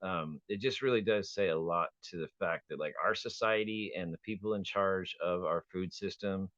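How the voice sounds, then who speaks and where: A man's voice: sits low, normal speed, a bit bright, no echo, lo-fi sound. A man chatting casually in an online audio room, praising another parent in an encouraging, rambling way. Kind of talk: casual chat.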